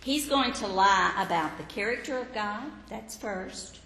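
A woman Bible teacher giving a teaching sermon in an emphatic, expressive way. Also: medium pitch, unhurried. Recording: echoey hall, faint background noise.

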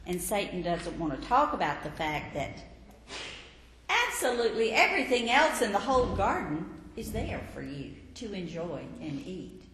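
A woman Bible teacher preaches in an emphatic, expressive way, her pitch rising and falling a lot. Her voice carries through a roomy hall with a long reverb tail. A faint noise sits behind it. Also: normal speed. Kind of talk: teaching sermon.

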